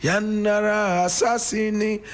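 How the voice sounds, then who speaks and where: A man's voice: high-pitched, steady tone, unhurried. A Ghanaian man with a Ghanaian English accent giving a fiery, preachy radio monologue and calling his listeners brother and sister. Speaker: radio show host.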